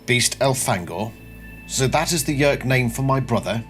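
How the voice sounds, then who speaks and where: A man's voice: mid-range voice, expressive, normal speed, fairly bright tone, soft background music, close to an everyday voice. A man voicing a young male alien warrior cadet, reading his book lines in an earnest, questioning way. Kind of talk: dramatic reading of a book passage.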